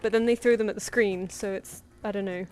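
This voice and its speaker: Brisk and medium-pitched, with a darkish tone and fairly even intonation, a young artist chats on her live commission stream. She spins anecdotes, laughing often and acting out what people said.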